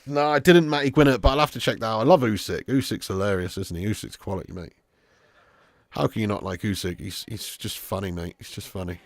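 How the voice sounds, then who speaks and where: A man's voice: fairly low pitch, fairly quick, vocal fry, dry recording. A man hosting a live football watch-along, chatting casually with his viewers and swearing freely. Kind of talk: live stream commentary and chat.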